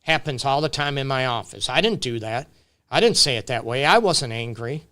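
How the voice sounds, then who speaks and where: A man's voice: mid-range voice, expressive, normal speed, pushed and bright. A man counseling on relationships during a casual live-stream Q&A, talking off the cuff and often checking in with "right?" and "you get me?". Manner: loose, with restarts and fillers, speaking off the cuff.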